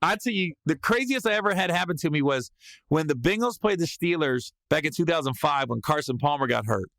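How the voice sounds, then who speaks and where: Animated, bright-voiced male comic storyteller. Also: a little high, brisk, no echo. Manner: animated, bursts into loud yelled reenactments. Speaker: podcast host. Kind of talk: comedic storytelling.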